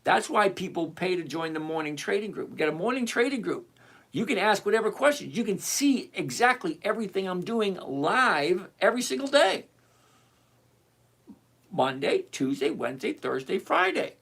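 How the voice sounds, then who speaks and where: A livestream host teaching options trading, reading out and answering chat questions in an animated, chatty, direct and repetitive way. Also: medium pitch, normal speed, husky.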